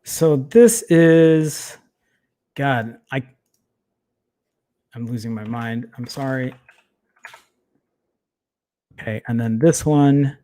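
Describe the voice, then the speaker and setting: A man with a mellow, medium-pitched voice speaks slowly with fairly even intonation and frequent pauses. He's hosting a casual tech livestream, rambling, interrupting himself, and apologizing while he fumbles with photos and files, muttering and swearing under his breath.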